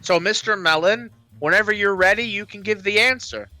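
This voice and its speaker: A man doing an impression of a brash, loud male comedian pushing a student. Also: sits high, a little fast, over music, voice pushed up, rough recording. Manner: loud, pushy.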